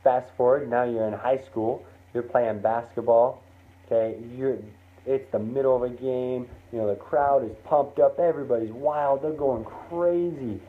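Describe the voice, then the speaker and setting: Animated man telling a motivational story. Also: medium pitch, moderate pace. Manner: animated, acts out scenes. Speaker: motivational speaker. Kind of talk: second-person motivational storytelling. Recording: tinny phone-like sound, faint noise.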